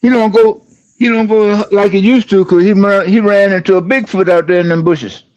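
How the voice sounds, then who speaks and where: High-voiced older man telling a hunting tale. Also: moderate pace, dull audio. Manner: animated, cussing, acts out quotes. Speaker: guest storyteller. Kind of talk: casual storytelling.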